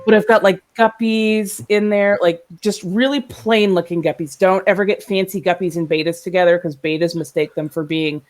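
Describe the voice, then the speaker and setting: A woman's voice: lowish voice, steady tone, normal speed, few pauses. A woman co-hosting a casual chat, telling a story animatedly, acting out voices and laughing often, heard over a video call. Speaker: podcast co-host.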